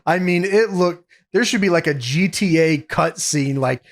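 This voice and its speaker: A man's voice: on the high side, a little slow. A man hosting a podcast, giving a casual, matter-of-fact play-by-play recap with a teasing edge. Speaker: podcast host recapping a match.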